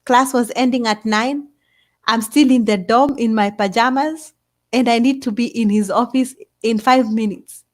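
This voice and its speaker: A middle-aged woman, telling a story as an interview guest in an animated way. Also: fairly high pitch, moderate pace. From Kenya. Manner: animated, acts out others' voices. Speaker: guest scientist.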